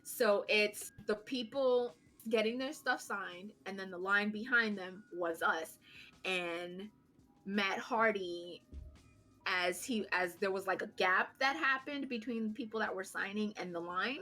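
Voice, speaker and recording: A woman's voice: mid-range voice, a little slow, bright, forceful tone, soft background music. A woman in her thirties co-hosting a podcast, telling a story in casual chat, acting out quotes and laughing as she goes. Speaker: podcast co-host.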